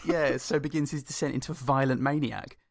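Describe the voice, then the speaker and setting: A man's voice: mid-range voice, fairly even intonation, brisk, vocal fry. A man co-hosting a casual movie review podcast, joking dryly and laughing often. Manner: dry, jokey, laughs often. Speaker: podcast co-host.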